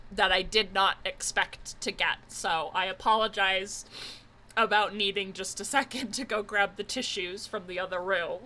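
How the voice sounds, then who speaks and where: Bright, chatty young streamer. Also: medium pitch. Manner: chatty, effusive, greets viewers. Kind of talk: live game stream chat.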